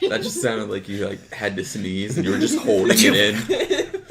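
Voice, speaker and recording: A man's voice: fairly low pitch, wildly swooping pitch, moderate pace, crowd noise. A young man co-hosting a podcast, joking around in casual chat. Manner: laid-back, joking.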